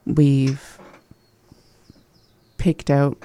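A learner practicing new words in a relaxed lesson, repeating them carefully and laughing at their own slips. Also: medium pitch, very slow, smooth. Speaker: language learner. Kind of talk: conversational language lesson.

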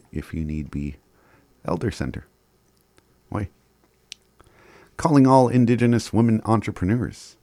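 A low-voiced man hosts a small community radio show and works through the day's announcements. He keeps it easygoing, chuckles often and trips over the odd word. The studio sound is dry and close. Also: a little mellow, dry recording.

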